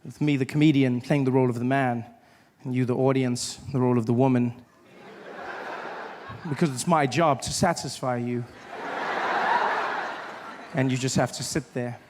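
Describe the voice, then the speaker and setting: A man with a South African accent doing stand-up comedy on stage before a live audience, telling stories in an animated, playful way. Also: mid-range voice, moderate pace, pauses often, noisy background.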